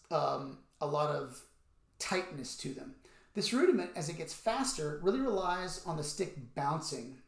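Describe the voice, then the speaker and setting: Loud stick clicks on a practice pad ring through a roomy echo as a man gives an instructional drum lesson. Speaking in a slightly high, creaky voice, he explains the technique and calls out the strokes and counts as he plays.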